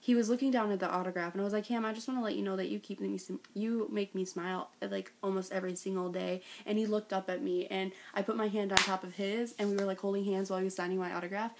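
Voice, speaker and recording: A woman's voice: medium pitch, steady tone, fast talker, hardly any pauses, a little hiss or hum. A young woman vlogging a story straight to her camera at home. She gushes and rambles, stringing everything together with "like" and "oh my God", and keeps slipping into giggles as she relives it. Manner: gushing, breathless, lots of "like" and "oh my God"; bursts into giggles when retelling. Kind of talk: excited storytelling vlog.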